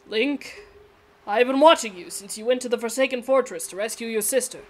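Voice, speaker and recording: A woman's voice: a little high, close to an everyday voice. A woman reading the lines of a wise old male talking boat king in a video game, with a solemn, formal delivery. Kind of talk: reading game dialogue aloud.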